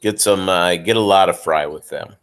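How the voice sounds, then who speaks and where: A man's voice: deep voice, normal speed, fairly bright tone, clear, resonant tone. A man who breeds fish, chatting casually and rambling on his live stream and calling viewers "gang".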